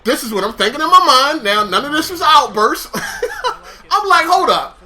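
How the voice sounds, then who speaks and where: A young man with a high, bright voice tells a story to the camera. He is animated and swears freely, acting out each back-and-forth himself. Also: moderate pace. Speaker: vlogger telling a story. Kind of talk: casual storytelling.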